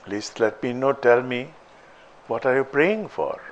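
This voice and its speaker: A man voicing a kind stranger in a story he tells, asking gentle questions. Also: medium pitch, expressive, unhurried, dull audio, a little hiss or hum, close to an everyday voice. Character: kind man showing empathy to a boy.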